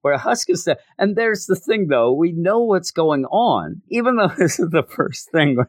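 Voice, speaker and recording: A man's voice: high voice, big pitch swings, a little slow, no echo, studio quality. A man hosting a podcast, talking through a comic in a rambling, self-interrupting way. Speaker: podcast host. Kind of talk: casual comic book review.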